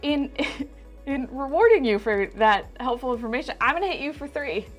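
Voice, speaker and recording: A woman plays at a card game table, her voice fairly high and lively. She teases the others and walks through each move. Faint music sits behind her. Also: moderate pace. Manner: teasing, narrates her turn step by step. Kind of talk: casual game-table chat.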